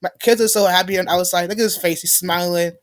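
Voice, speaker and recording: A man's voice: sits high, fairly even intonation, racing. A young man giving let's play commentary, ranting in frustration and pleading with the game. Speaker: gamer.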